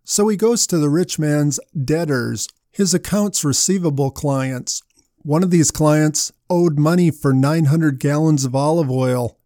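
Mellow, conversational male preacher. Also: fairly high pitch, a little slow, no echo, studio quality. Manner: conversational, asks the listeners questions. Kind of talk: sermon.

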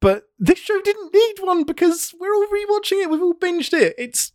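Animated man, lively voice. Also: very high-pitched, normal speed, no echo, clean studio sound. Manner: animated, laughing, emphatic. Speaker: podcast co-host, video writer. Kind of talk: casual chat.

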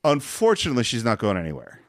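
A man's voice: mid-range voice, huge pitch swings, fast, no room sound, clean studio sound. A man hosting a podcast in casual chat, telling the story enthusiastically. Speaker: podcast host.

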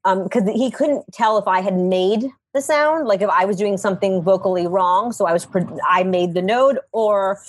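A woman, a comedian guest and mother, telling a story in casual, animated comedic chat. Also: mid-range voice, normal speed, hardly any pauses. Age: adult with young children. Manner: animated, acts out people in her stories.

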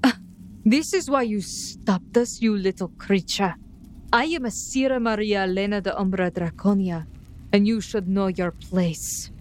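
Brief: a sneering noble lady, voiced by a woman player, slow scornful delivery, faint hum behind. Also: medium pitch, natural voice. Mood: disdainful. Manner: disdainful, drawling, sarcastic. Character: haughty cruel aristocratic noblewoman.

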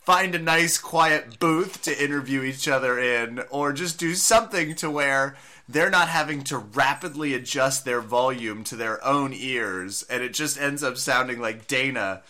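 Bright-voiced sarcastic man. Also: medium pitch, measured pace. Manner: sarcastic, laughs often. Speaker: podcast co-host. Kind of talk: casual chat recapping a fight broadcast.

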